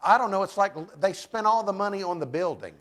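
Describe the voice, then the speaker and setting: A man hosts a comedic interview show, teasing his guest and pressing his points with emphatic bursts. His pitch sits a little high for a man and swings widely as he talks. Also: quick pace. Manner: joking, emphatic, animated. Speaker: talk show host.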